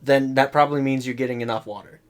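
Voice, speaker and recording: A young man co-hosting a podcast, making dry, deadpan, teasing remarks. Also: mid-range voice, quick pace. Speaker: podcast co-host. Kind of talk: casual chat.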